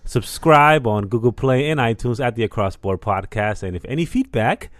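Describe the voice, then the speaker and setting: A man's voice: medium pitch, lively intonation, normal speed, no echo, studio quality. A man co-hosting a podcast in casual chat, laid-back, laughing often and swearing casually. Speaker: podcast co-host.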